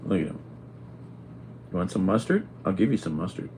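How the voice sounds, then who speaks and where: A man vlogging at home, talking in an animated, exclaiming way to his cat and the camera. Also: deep voice, fairly quick, a little hiss or hum. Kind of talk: casual chat.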